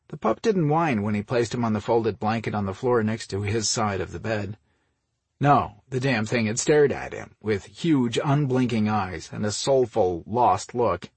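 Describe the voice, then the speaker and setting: Husky low-voiced male narrator. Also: no echo. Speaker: audiobook narrator. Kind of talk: scripted narration.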